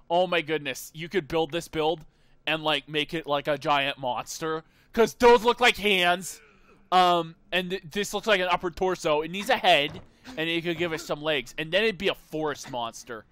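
A man's voice: on the high side, expressive, moderate pace, pushed and bright. A young man casually commenting while playing a video game, rambling and wistful with sudden playful outbursts. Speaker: gameplay streamer.

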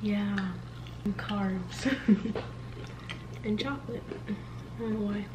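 A woman's voice: medium pitch, fairly even intonation, takes it slowly, distant mic. A young woman talks through her week in a loose, slangy way and laughs often. She is recorded in an echoey room at home. A faint hiss sits under her voice. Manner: laid-back, laughing, slangy. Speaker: vlogger. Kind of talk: casual vlog chat.

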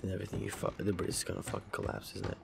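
A young man with a sick, raspy voice, cursing and reacting jumpily while playing a horror game. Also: deep voice, completely flat delivery, racing, noisy background. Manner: profane, jumpy, talks to himself. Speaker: gaming let's-player.

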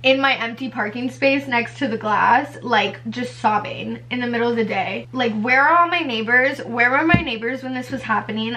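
A young woman with a high, bright voice tells a personal story to camera in a casual storytime style. She talks quickly and animatedly, packing in fillers and acting out every quote. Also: slight background noise. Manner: animated, fast-paced retelling with many fillers and acted-out quotes. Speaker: vlogger.

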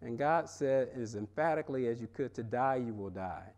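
A man preaching a sermon in a seminary chapel, animated, with wide swings from loud and high to low and hushed. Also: normal speed. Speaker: pastor.

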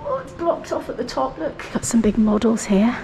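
A woman's voice: fairly high pitch, moderate pace, vocal fry, warm tone, slight background noise. A woman narrating a casual travel vlog while touring a castle, curious and lightly humorous. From Britain. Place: outdoors and inside a stone castle.

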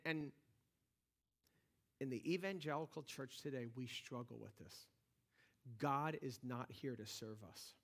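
A man's voice: fairly high pitch, pushed and bright. A man preaching a sermon as pastor in a church, talking conversationally with lots of restarts and rising energy. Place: church sanctuary.

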